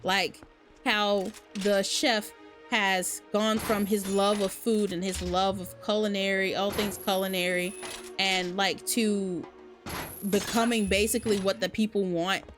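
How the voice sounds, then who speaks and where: A woman's voice: medium pitch, little pitch movement, measured pace, music in the background. A young woman with a Southern US accent, giving rambling, chatty commentary while she plays a video game. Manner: chatty, rambling, many fillers. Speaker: game streamer. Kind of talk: casual gaming commentary.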